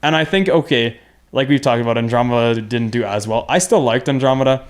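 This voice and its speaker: A man's voice: medium pitch, fairly quick. A young man co-hosting a gaming podcast in casual chat, rambling and correcting himself as he goes. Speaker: podcast co-host.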